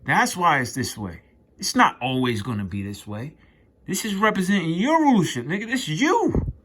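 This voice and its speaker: A man teaching scripture in an informal, emphatic way, reading verses aloud and riffing on them in rough, profane slang. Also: a little high, very animated, normal speed, a bit bright. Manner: reads scripture aloud then riffs on it. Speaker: street preacher.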